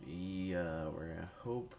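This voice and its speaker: His voice sits low and creaky, and he talks a little slowly. A gaming YouTuber fighting a cold, he provides loose, foul-mouthed, self-mocking commentary while playing a strategy game.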